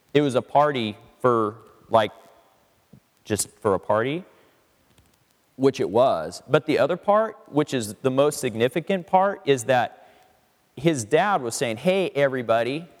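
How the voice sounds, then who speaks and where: Male pastor, lively pitch, casual sermon delivery, long hall reverb. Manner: casual, conversational preaching with quick voiced asides.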